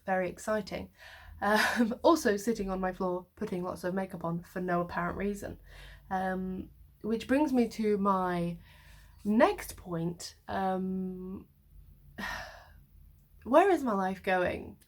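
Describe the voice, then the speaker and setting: A woman's voice: mid-range voice, slow, pauses often. Girl in her twenties vlogging from her bedroom floor, rambly and wry, pokes fun at herself. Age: 20s. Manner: rambling, wry and self-mocking. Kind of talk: casual chat to camera.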